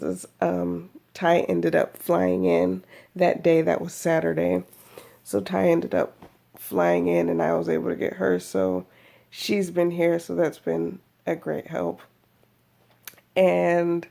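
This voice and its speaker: A woman's voice: fairly low pitch, vocal fry, mellow. A woman giving a chatty, rambling personal video update, laughing often as she talks. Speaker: vlogger.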